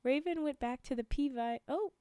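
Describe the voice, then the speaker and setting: A young adult woman reading folktales aloud on a livestream, chatty, pausing for casual asides and fillers. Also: sits high, dark tone, no room sound. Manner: chatty, frequent laughs and fillers while reading. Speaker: livestream storyteller.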